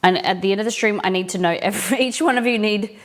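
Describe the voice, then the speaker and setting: A woman's voice: medium pitch, fast talker. A woman hosting a live cooking stream, chatting casually with viewers and greeting them by name.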